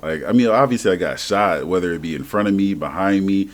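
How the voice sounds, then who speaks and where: A man co-hosting a podcast in casual chat, animated and slangy, laughing often and swearing freely. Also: low-pitched, brisk. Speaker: podcast co-host.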